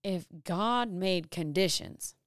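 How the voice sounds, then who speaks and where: A young woman giving a casual faith talk, animated, full of rhetorical questions and self-deprecating asides. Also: fairly low pitch, takes it slowly, dry recording, clean studio sound. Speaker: Christian vlogger and small business owner.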